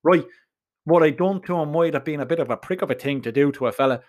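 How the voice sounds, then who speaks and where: A man's voice: on the high side, quick pace, a little mellow. A man with a Dublin Irish accent narrating a first-person audiobook in an earthy, salty, slang-filled way. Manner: salty, earthy storytelling with swearing and local slang.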